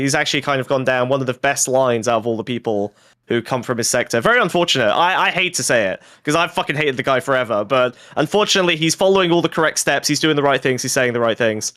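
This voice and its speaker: A man's voice: medium pitch, fairly bright tone, dry recording, clean studio sound. A man from Britain, a podcast guest, chatting casually with jokes, swearing and mock-defensive repetition. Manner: joking, profane, mock-defensive, repeats himself. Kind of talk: casual chat.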